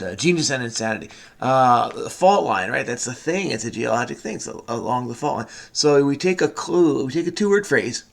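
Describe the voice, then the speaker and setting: A man's voice: mid-range voice, vocal fry, a bit bright. A middle-aged man thinking aloud as he solves a crossword, muttering and hesitant, often trailing off. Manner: muttering, hesitant, many trailing "I don't know"s. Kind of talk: casual think-aloud puzzle solving.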